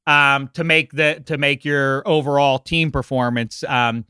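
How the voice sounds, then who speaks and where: A man co-hosting a casual sports podcast, rambling with halting restarts on a close mic. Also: medium pitch, steady tone, pushed and bright, clean tone, dry recording. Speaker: podcast co-host.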